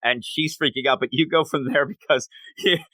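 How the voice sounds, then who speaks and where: A man co-hosting a podcast in casual chat, animated and giggly, acting out lines as he retells scenes. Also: mid-range voice, normal speed, no room sound. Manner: animated, giggly, acts out quotes. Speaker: podcast co-host.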